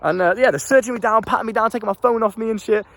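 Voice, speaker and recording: Fast, animated British young man. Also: high voice, vocal fry. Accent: British English. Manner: animated, laughing often, swears freely, slangy. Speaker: self-improvement YouTuber. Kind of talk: casual storytelling.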